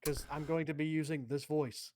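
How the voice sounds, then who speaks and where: A man's voice: fairly high pitch, little pitch movement, moderate pace, a little mellow. A man chatting casually on a podcast about his own writing, rambling, with fillers and self-corrections.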